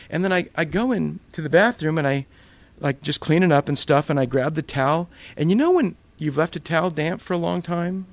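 A male pastor with a fairly high, brisk voice delivers a storytelling sermon, animatedly recounting funny stories and performing the voices of the people in them. The recording is dry.

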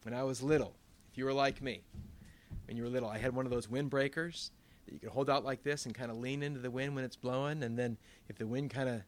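A man, a pastor, preaching a sermon in a conversational way, with asides and quick backtracks. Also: medium pitch, fairly even intonation.

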